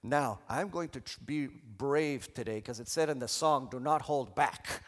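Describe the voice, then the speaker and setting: A man preaching a sermon in a church, animated and leading the congregation in call and response. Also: mid-range voice, a little slow, long reverb tail. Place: church sanctuary.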